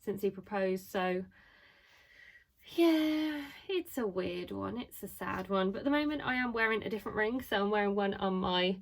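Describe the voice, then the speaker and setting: A woman's voice: mid-range voice, expressive, moderate pace, creaky. A woman, talking to the camera in a casual, chatty vlog. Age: 20s. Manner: chatty and bubbly, lots of "like" and "so". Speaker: vlogger.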